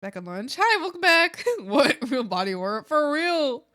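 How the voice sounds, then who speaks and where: Young woman streaming, giggly and all over the place, bright voice a bit high. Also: very animated, moderate pace. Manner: giggly, scattered, chats to viewers. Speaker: art streamer. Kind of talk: casual live-stream chat.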